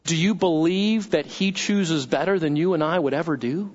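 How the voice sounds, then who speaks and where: A man with a high-pitched voice preaches a sermon in a loose, chatty way, checking in with "right?" and repeating himself as he builds a point. The recording sounds dull and lo-fi. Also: moderate pace. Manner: repeats phrases and restarts mid-sentence. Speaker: pastor.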